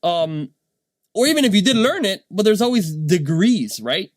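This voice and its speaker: Man, dad, casual motivational talk, rambling and animated, higher voice, dry close sound. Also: normal speed, no echo. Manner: rambling, animated storytelling, many "right?" tags. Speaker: vlogger and dad.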